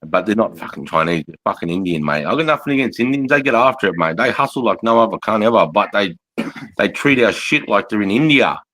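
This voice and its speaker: A man's voice: on the low side, lively intonation, quick pace, a bit bright, poor audio. A man with an Australian accent hosting a live chat, talking bluntly and swearing as he rants about local gripes. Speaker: live stream host.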